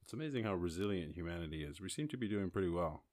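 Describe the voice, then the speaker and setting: A man's voice: sits low, lively intonation, rapid-fire, darkish tone, no room sound, studio quality. A young Irish man hosting a podcast on his own, rambling casually, swearing freely and laughing often. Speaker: podcast host. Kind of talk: casual solo podcast chat.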